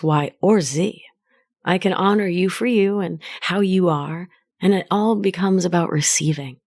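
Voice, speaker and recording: A woman hosting her own podcast as a life coach, speaking in a gentle, affectionate coaching tone. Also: medium pitch. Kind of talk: solo podcast monologue.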